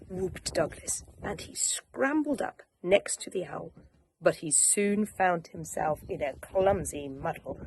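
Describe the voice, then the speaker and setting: A gentle woman telling a bedtime story, hushed and soothing, often dropping to a whisper. She reads slowly and lets her voice rise and fall widely, with a breathy edge. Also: on the low side, expressive.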